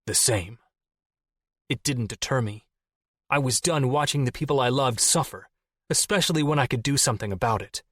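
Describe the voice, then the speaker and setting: A man reads a first-person audiobook in a mid-pitched, restrained voice with quiet intensity. The recording is dry and close. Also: normal speed, no echo. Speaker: audiobook narrator.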